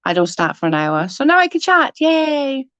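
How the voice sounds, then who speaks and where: A woman's voice: high-pitched, very animated, moderate pace, fairly bright tone, no room sound, dull audio. A young adult woman ranting heatedly in casual chat, swearing often and restarting her sentences. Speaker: livestream guest.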